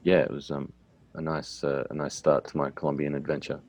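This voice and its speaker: An Australian man hosting a relaxed, chatty conversation. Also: rumbling low, a little fast. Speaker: English teacher, host. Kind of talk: casual conversation.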